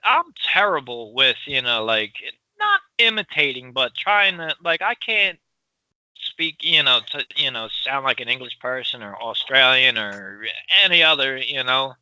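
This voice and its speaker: A man from Philadelphia with a Philly accent, co-hosting a casual chat, loud and rambling with frequent laughs. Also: medium pitch, very animated, measured pace, clean tone, no echo, poor audio. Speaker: podcast co-host.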